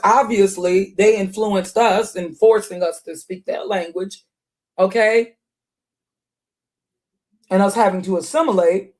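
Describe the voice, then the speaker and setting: Her voice is medium in pitch and somewhat mellow. Hosting a relaxed commentary video, she rambles through her thoughts with frequent restarts and fillers, occasionally reading aloud from a search result shown on screen.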